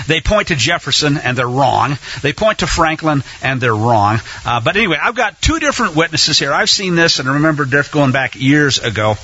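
A man's voice: on the high side, sing-song, quick pace, hardly any pauses, sharp tone, slightly rough. Enthusiastic man on lo-fi radio. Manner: rambling, enthusiastic, with many fillers and restarts. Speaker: radio host. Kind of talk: religious radio talk. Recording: dull lo-fi radio sound.

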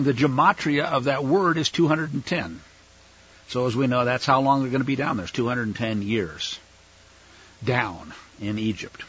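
A man's voice: medium pitch, fairly bright tone, slightly rough, dull audio. A man teaching a Bible passage verse by verse in a casual, conversational way with asides. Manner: conversational, explaining, with fillers and asides.

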